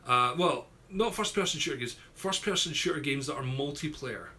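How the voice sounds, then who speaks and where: A young man from Scotland, Ayrshire accent and all, hosts a live Q&A on YouTube, easygoingly rambling through viewer comments. His mid-range voice is pushed and bright, with lively intonation and a moderate pace.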